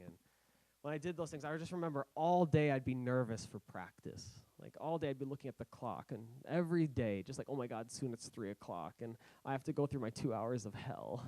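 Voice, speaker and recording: A young man giving a casual personal talk, halting and self-correcting with many fillers, acting out his past worries. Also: medium pitch, no echo, rough recording. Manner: animated, acting out his own past thoughts. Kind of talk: casual storytelling speech.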